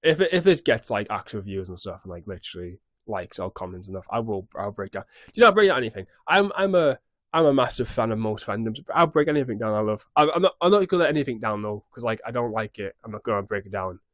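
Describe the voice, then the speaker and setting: A man's voice: on the low side, animated, fast, no echo. A young man casually recapping a show on his vlog in a scattered, rambling way, swearing freely. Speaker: YouTube recap host.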